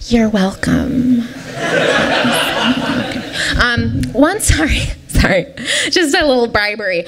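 A woman's voice: on the high side, lively intonation, slow pace, long pauses. A woman on stage reading a comic fairy tale in a giggly, apologetic princess persona. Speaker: storytelling contestant.

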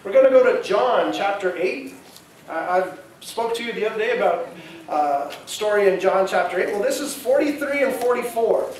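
A man's voice: high-pitched, animated, normal speed, slight background noise. A man preaching a sermon as pastor, talking conversationally and asking the congregation questions. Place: church sanctuary. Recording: echoey church hall, mic at a distance.

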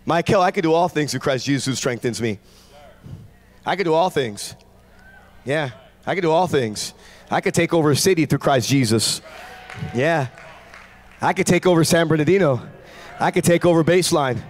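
A man preaching a sermon in a church, shouting out fervent declarations to the congregation. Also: a little high, animated, moderate pace, pauses often. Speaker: guest pastor.

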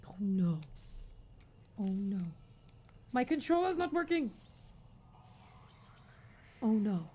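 A woman's voice: medium pitch, sing-song, takes it slowly, pauses often, dark tone, slightly rough. A woman streaming a game live, commentating with panicky outbursts and swearing, and chatting with her viewers between fights. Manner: chatty, thanks and talks to viewers.

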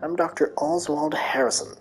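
A woman's voice: on the low side, moderate pace, gravelly, husky, full character voice, rough recording. A woman doing a smug scheming old doctor. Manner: smug, calm, condescending.

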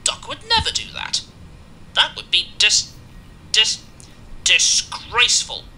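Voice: mid-range voice, huge pitch swings, takes it slowly, bright, forceful tone, a little hiss or hum, pitched above the performer's own voice, heavily acted, poor audio. Ein Erzähler spielt eine empörte Dampflok. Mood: shocked. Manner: indignant, exclaiming. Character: proud indignant big steam engine, male.

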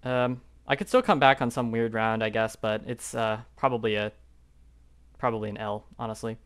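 A man's voice: on the low side, moderate pace, fairly bright tone, smooth. Young man thinking aloud over a game. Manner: rambling, self-doubting, thinking aloud with many fillers. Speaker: YouTuber playing a geography guessing game. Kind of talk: live gameplay commentary.

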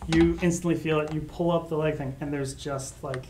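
A man running a tabletop role-playing game, narrating in a casual, halting way full of fillers. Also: on the high side, steady tone. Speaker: game master. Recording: echoey room with faint noise.

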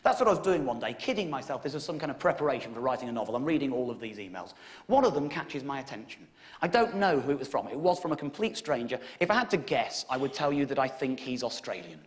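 An English man in his thirties telling a wry comic story on stage, with sudden high emphatic peaks. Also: very animated, quick pace. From England. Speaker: comedian. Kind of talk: stand-up storytelling show. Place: theatre stage with audience laughter.

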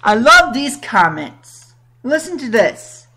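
Woman host reacting to stuff, slow and drawn out, kinda worked up, bright voice. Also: a little high, animated. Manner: indignant, exclaiming, reads comments aloud. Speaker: podcast host. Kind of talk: casual reaction talk.

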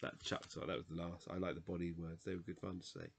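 Late at night, a tired man reads dictionary entries aloud for a casual solo vlog, stumbling over pronunciations and muttering corrections to himself. His low voice is gravelly and husky, with a flat delivery.

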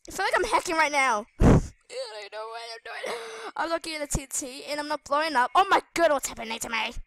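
Very high-voiced excitable female gamer. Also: brisk, a little hiss or hum. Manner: excitable, squealing and shrieking at in-game danger; chatty asides to viewers. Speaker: gaming channel host. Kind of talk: live gameplay commentary.

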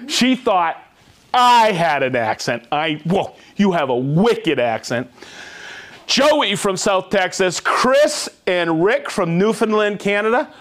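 An upbeat man hosts a live tool show and rattles off viewer names and hometowns. His voice sits high and swings widely in pitch. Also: sing-song, a bit bright. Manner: upbeat, jokey, reads viewer names and places quickly. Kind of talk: live-stream shout-outs to viewers.

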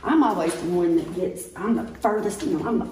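A woman with a Southern US accent telling her ghost encounter in a rambling, animated way, often laughing, as she guides a tour of an old hospital. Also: lowish voice, a little fast, far from the mic. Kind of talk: casual storytelling. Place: large old hospital building, indoors. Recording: echoey hallway, away from mic, faint noise.

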